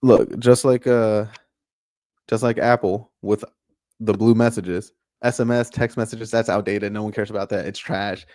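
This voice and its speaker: A man's voice: lowish voice, steady tone, moderate pace, darkish tone, dry recording, studio quality. A man co-hosting a podcast, chatting casually about football in a jokey, rambling way. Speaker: podcast co-host.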